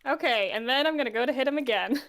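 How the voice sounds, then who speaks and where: A woman's voice: high voice, fast, fairly bright tone, no echo. A woman playing a tabletop game, flustered and apologetic. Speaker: player. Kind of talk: casual tabletop game play.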